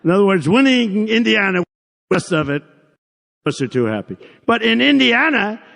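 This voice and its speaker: A man's voice: high voice, sing-song, moderate pace, vocal fry, fairly bright tone. An older man delivering a rambling, repetitive rally speech to a crowd, with mocking asides. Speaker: political candidate at a rally. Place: large arena with a crowd. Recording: long hall reverb from a PA.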